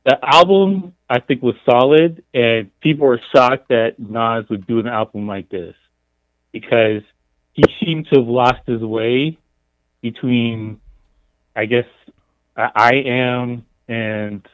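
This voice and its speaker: A man's voice: medium pitch, takes it slowly, dry recording, narrow, tinny audio. An enthusiastic man chatting on a podcast, his voice close and dry. He speaks with emphasis and lets out easy laughs between points. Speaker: podcast co-host. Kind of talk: casual chat.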